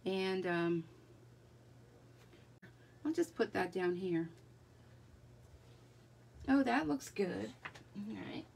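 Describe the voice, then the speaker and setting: A woman's voice: mid-range voice, lively intonation, very slow, gravelly, pauses often, darkish tone, slight background noise. A woman chatting her way through a live card-making demonstration, talking to herself as she works. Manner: chatty, talks to herself while working.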